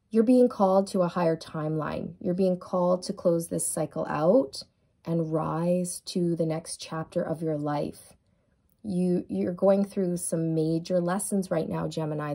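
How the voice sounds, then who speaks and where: Warm, mellow-voiced woman reading tarot. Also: on the low side. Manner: soothing, affirming, repetitive. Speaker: tarot reader. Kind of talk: tarot card reading to viewers.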